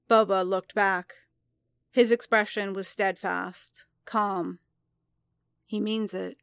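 A woman narrating a story in a measured, even voice at a middle pitch. The recording is close and completely dry, with no room echo at all. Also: smooth. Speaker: reader. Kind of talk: audiobook reading of fan fiction.

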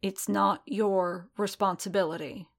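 A woman voicing a conflicted male armored warrior in a storybook reading, speaking in a subdued, measured way. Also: medium pitch, fairly even intonation, vocal fry. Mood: weary, earnest.

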